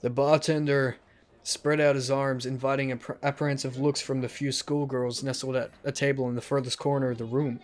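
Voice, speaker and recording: A man's voice: mid-range voice, little pitch movement, normal speed. A man hosting a let's play, reading a visual novel aloud and adding joking, self-deprecating asides.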